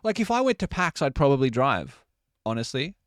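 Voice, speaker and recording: A man's voice: medium pitch, big pitch swings, brisk, dry recording, studio quality. A man in his late twenties or thirties, a streamer chatting casually with his live chat and laughing often. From Australia.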